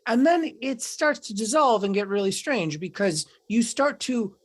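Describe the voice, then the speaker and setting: A woman's voice: fairly high pitch, expressive, unhurried. A woman in casual podcast conversation, talking in a meandering, reflective way and acting out inner voices.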